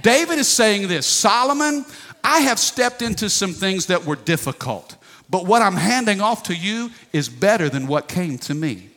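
A man's voice: sits high, lively intonation, moderate pace, a bit bright. A pastor in his forties preaching a sermon, folksy and emphatic, calling for responses from the congregation. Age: 40s. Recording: long reverb of a large hall.

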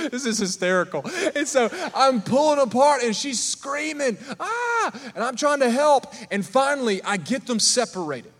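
High-voiced preacher in a reverberant hall. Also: male voice. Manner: animated, calls out to the congregation. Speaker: pastor. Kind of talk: sermon with humorous storytelling. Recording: long reverb of a large hall.

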